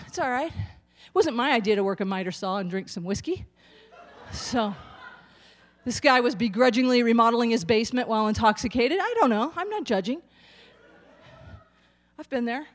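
A woman in her sixties, a nurse and stand-up comic, delivering a chatty, self-deprecating routine to the audience. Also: fairly high pitch. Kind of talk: stand-up comedy.

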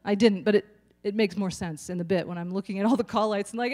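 A woman's voice: medium pitch, fast, a little mellow. A woman in her sixties, a nurse and stand-up comic, delivering a chatty, self-deprecating routine to the audience. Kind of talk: stand-up comedy.

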